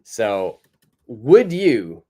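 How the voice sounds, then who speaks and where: Man, North American accent, English teacher, slow and lively intonation, patient, encouraging. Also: medium pitch. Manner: patient, encouraging, repeats phrases slowly for practice. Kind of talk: live online English lesson.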